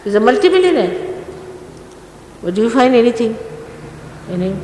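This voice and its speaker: A woman's voice: fairly high pitch, very animated, moderate pace, a little mellow. Older woman scolding in an echoey hall. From India. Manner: scolding, exhorting, with rhetorical questions. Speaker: spiritual teacher. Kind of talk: informal spiritual talk to followers. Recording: echoey hall archive recording with faint hiss.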